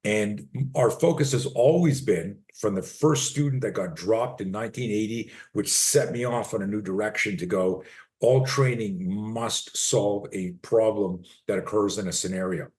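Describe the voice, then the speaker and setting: A man in his sixties with a low-pitched voice, speaking as a personal defense coach in an interview. He is blunt and emphatic, swears freely, and acts out short confrontation scenes to make his points. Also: moderate pace, a little mellow. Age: 60s. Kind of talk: interview, animated teaching with role-play demos.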